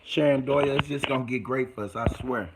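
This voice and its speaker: A man's voice: medium pitch, fast, noisy background. A man talking casually to his viewers, rambling and repeating himself as he promotes his social media pages. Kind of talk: casual talk to camera.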